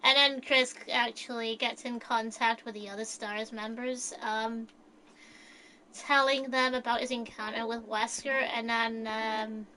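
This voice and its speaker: A woman's voice: a little high, little pitch movement, measured pace, sharp tone, slight background noise, low-quality recording. A woman casually telling an imagined story plot, hesitant with many fillers and frequent giggles.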